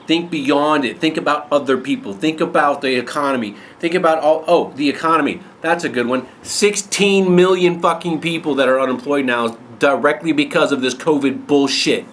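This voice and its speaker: A man's voice: mid-range voice, fairly bright tone, slight background noise. A man ranting angrily and bluntly to camera, swearing heavily as he talks to his viewers. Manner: angry, blunt, heavy swearing. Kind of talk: angry profane rant to camera.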